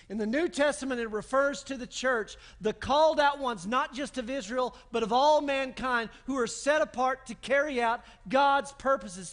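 A man's voice: extremely high pitch, pushed and bright. A man pastor preaching a sermon in an emphatic manner, building long repeated lists.

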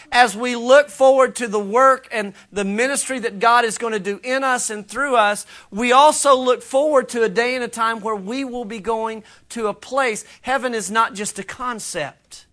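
Bright-voiced male pastor preaching. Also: very high voice. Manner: earnest, emphatic preaching with conversational asides. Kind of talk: sermon. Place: church.

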